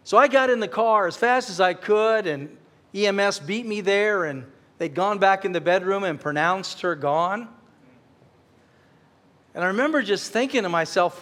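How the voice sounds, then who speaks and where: A man's voice: high voice, animated, moderate pace, fairly bright tone. A middle-aged male pastor preaching a sermon, telling a personal story in an earnest way that builds to fervent, emphatic appeals.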